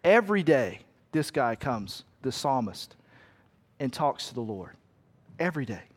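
A middle-aged man preaching a sermon in a conversational way, with lively asides to the congregation. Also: mid-range voice, measured pace, husky, big-room sound. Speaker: pastor.

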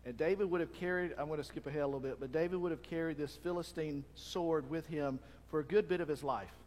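Male pastor, sermon, animated delivery, somewhat high voice, church-hall reverb. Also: fast. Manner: animated, acts out crowd shouts.

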